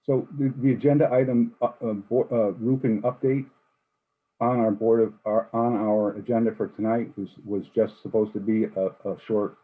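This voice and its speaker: A board member questioning officials at a public meeting, speaking haltingly with frequent restarts. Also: male voice, on the low side, fairly even intonation. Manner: halting, many restarts and repeated words. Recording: husky voice on a tinny phone-like line.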